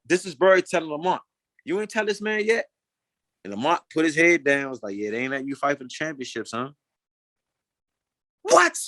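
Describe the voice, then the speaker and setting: A man's voice: sits high, sharp tone, no echo. A man in his thirties telling his story in an interview, emphatic and frustrated, repeating phrases and swearing at times. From United States. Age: 30s. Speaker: interview guest.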